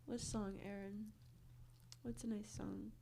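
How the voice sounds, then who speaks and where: A woman's voice: medium pitch, flat delivery, slow, gravelly, crowd noise. A young woman singer talking casually between songs, laughing and telling the story behind a song at an in-the-round show. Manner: giggly, chatty storytelling. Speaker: singer-songwriter. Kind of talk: casual stage banter.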